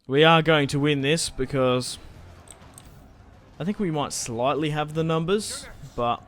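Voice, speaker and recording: A man's voice: fairly high pitch, measured pace, a bit bright. A man giving casual, thinking-aloud commentary on a strategy game he is playing, and swearing when things go wrong. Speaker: gaming channel host.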